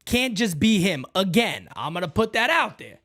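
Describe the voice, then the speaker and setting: A man hosting a baseball fan show, emphatic, swinging between shouts and low mutters. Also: sing-song, moderate pace. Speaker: fan channel host.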